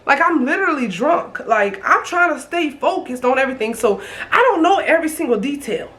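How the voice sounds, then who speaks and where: A young woman in her twenties with a somewhat high voice tells a storytime vlog. She speaks in a lively, profane way, as if talking straight to her viewers. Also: fairly quick. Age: 20s. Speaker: vlogger.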